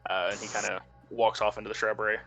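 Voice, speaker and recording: A man's voice: fairly low pitch, little pitch movement, fast, vocal fry, a bit bright, faint music behind. A man narrating as game master of a tabletop game, loose and chatty.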